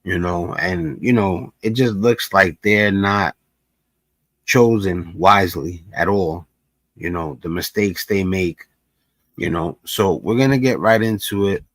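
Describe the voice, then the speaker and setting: A man's voice: low-pitched, unhurried, a bit bright, dry recording. A man hosting a casual reaction commentary, talking in a laid-back, conversational way full of filler phrases. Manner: laid-back, conversational, lots of "you know". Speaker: commentary host.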